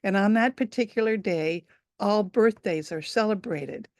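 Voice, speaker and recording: A woman storyteller telling a folk tale at a live event, unhurried, with fillers and asides. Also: mid-range voice, darkish tone, dry recording, clean studio sound.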